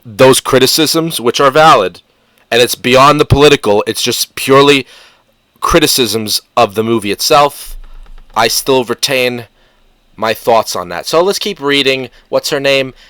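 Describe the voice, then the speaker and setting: A male commentary host with a middle-pitched voice, recorded dry and close with no room sound. He rambles through fillers and self-corrections. His tone turns sarcastic and argumentative as he talks back to what he is reading. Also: measured pace, fairly bright tone, no room sound. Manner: sarcastic, argumentative, addresses the article's author directly. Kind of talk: casual reaction commentary.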